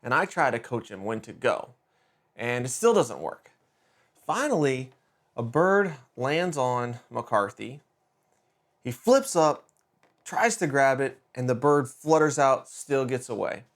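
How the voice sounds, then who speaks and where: A middle-aged man with a medium-pitched voice hosts a podcast and tells a story casually. His delivery is conversational, full of quick restarts and lively emphasis.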